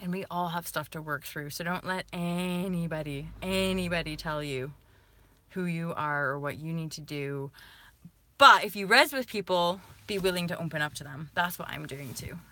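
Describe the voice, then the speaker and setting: A woman vlogging to her viewers about spirituality, talking emphatically and swearing freely, swinging between soft and fired-up. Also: fairly low pitch, moderate pace, no room sound. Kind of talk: casual monologue to viewers.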